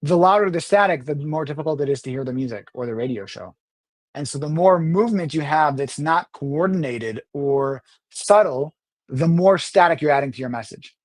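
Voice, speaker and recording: A man gives an unscripted online lesson on public speaking. He explains earnestly in a slightly high voice and slows right down on the words he stresses. He restarts and corrects himself as he goes, recorded close up with a dry sound. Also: animated, no room sound.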